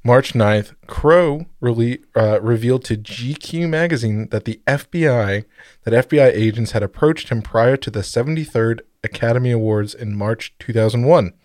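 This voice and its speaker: A man's voice: medium pitch, moderate pace, darkish tone, dry recording, studio quality. A man co-hosting a podcast, telling a story in a rambling, jokey way and correcting himself as he goes. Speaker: podcast co-host. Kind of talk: casual podcast chat.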